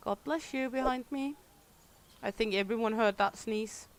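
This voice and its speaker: A woman's voice: fairly high pitch, moderate pace. Playful, bawdy woman streamer. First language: Danish. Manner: bawdy, playful, swears freely, laughs often. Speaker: game streamer. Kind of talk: casual livestream chat with viewers.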